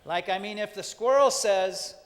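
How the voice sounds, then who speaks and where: A man's voice: high voice, moderate pace. Man preaching in a reverberant church. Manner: gentle guided reflection with playful asides. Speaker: pastor. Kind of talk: sermon. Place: church sanctuary. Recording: long hall reverb.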